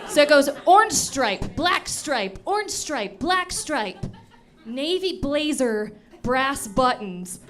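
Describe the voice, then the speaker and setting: A woman's voice: high-pitched, very animated, takes it slowly, fairly bright tone. A woman in her thirties doing a stand-up comedy set in a comedy club, telling self-mocking stories playfully into a handheld mic. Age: 30s.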